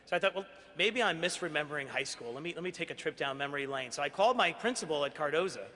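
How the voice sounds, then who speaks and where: A man's voice: on the high side, expressive, fast, pushed and bright. A man from Queens, New York, giving an earnest, self-deprecating acceptance speech as an award honoree at a gala. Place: large banquet hall. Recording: echoey banquet hall.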